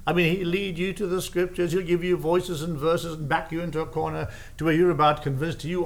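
Preacher guy, kinda high voice, hammering points with repeats, chatty asides. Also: little pitch movement, fairly quick, creaky, hardly any pauses. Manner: emphatic, repetitive preaching cadence with asides. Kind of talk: sermon.

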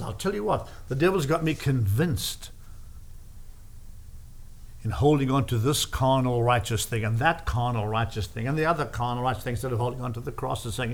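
A man's voice: mid-range voice, normal speed. A man preaching a sermon, driving his points home with repeated phrases and casual asides. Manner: emphatic, repetitive preaching cadence with asides.

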